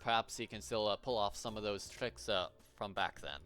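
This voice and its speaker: A man's voice: fairly low pitch, normal speed, fairly bright tone. A man voicing a blunt, cocky young man in a put-on British accent, full of slang and fillers. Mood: skeptical.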